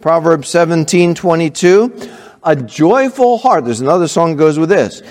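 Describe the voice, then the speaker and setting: Animated preaching pastor, man. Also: fairly high pitch, normal speed, big-room sound. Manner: animated preaching, acting out kids and parents. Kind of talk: sermon.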